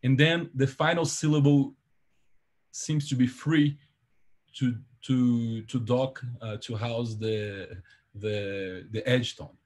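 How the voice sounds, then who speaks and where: Giving an academic seminar, a man with a medium-pitched, husky, somewhat dark voice keeps his intonation fairly even. He works through his explanation carefully, stopping on fillers and fixing his own wording as he goes.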